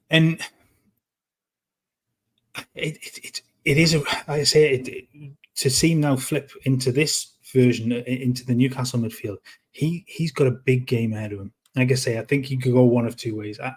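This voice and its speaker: A slightly mellow, breathy mid-range voice comes from a man co-hosting a football podcast, originally from North East England. His casual talk stops and starts constantly, with words repeated as he goes.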